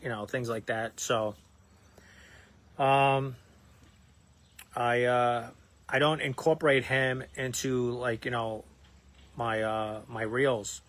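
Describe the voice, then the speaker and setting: A man's voice: mid-range voice, fairly even intonation, slow pace, long pauses, fairly bright tone. A man in his thirties, a dad who makes parenting videos, telling a personal story in a casual, rambling way with lots of fillers and restarts, acting out what people said. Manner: rambling, many fillers and restarts, acts out quoted lines. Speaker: parenting content creator.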